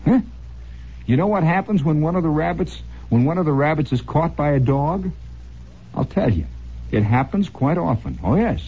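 A man's voice: on the high side, expressive, moderate pace, breathy edge. A man hosting a radio show, telling wry, sardonic stories in a rambling monologue, heard on a dull lo-fi old radio broadcast. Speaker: radio host.

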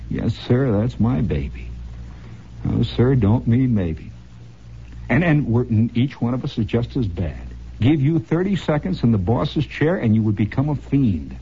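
A man's voice: mid-range voice, expressive, moderate pace, slight background noise. A man hosting a radio show, telling wry, sardonic stories in a rambling monologue, heard on a dull lo-fi old radio broadcast. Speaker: radio host.

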